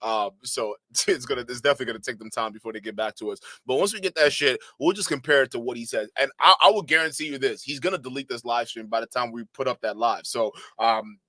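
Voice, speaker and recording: Male live-stream host reacting for chat; exasperated, mocking delivery, bright and dry. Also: medium pitch, quick pace, few pauses, no echo.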